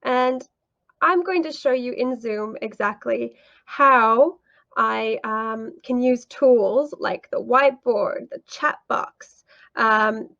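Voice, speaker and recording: A woman, an English teacher, walking through her lesson plan and online classroom tools in a clear, explanatory way. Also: fairly high pitch, a bit bright, lo-fi sound.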